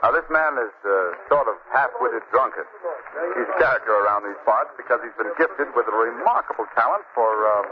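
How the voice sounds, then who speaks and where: An actor playing an easygoing local bar patron who explains things in a chatty, hesitant way, in 1940s radio acting style. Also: male voice, medium pitch, lively intonation, normal speed, close to an everyday voice. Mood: amused. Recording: lo-fi old radio broadcast with crowd.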